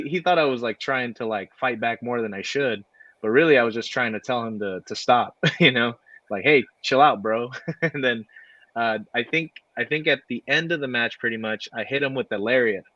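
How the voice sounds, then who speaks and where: A man, a guest wrestler, telling stories in a relaxed way, with lots of fillers and laughter. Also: medium pitch, moderate pace, dry recording. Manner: laid-back, many fillers, laughs while telling stories. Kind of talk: casual storytelling. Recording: dry, dull lo-fi audio.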